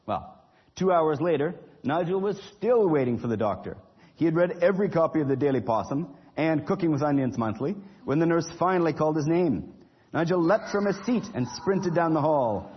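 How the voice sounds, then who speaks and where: A man's voice: a little high, animated, normal speed, slightly rough, muffled recording. A man leading a children's church lesson, reading a storybook aloud expressively and encouraging the kids.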